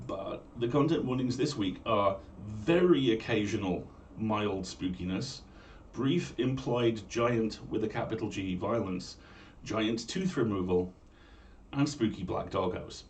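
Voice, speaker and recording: A man with a Manx accent, hosting a livestream in a chatty, joking way with quick asides. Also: lowish voice, gravelly, far from the mic, slight background noise. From Isle of Man. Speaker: streamer and storyteller host. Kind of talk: casual chat. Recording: voice from off-mic with faint room ambience.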